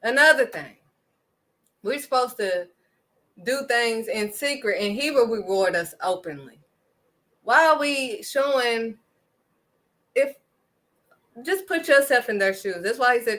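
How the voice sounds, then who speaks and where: Woman, faith vlogger, forceful bright tone, slightly high, preachy and emphatic. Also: animated, unhurried, long pauses. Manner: emphatic, preachy, punctuates points with "period". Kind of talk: impassioned faith talk.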